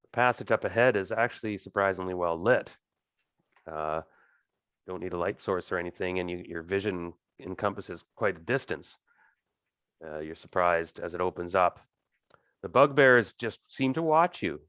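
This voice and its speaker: A man with a very low voice runs a tabletop game as game master, narrating in a relaxed, rambling way. The sound is dry and dull, like a computer mic on an online call. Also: moderate pace, no room sound.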